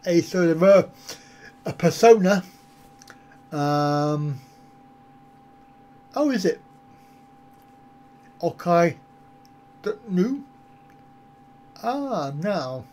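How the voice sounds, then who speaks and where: A man's voice: high-pitched, expressive, slow, long pauses, a little mellow. A man on a casual live stream, answering viewer comments in a rambling, self-mocking way. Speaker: travel vlogger answering live chat.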